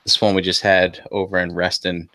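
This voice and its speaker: A man on a podcast panel chatting in a laid-back, halting way with many fillers. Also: sits low, little pitch movement, bright, forceful tone, no room sound. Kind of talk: casual chat.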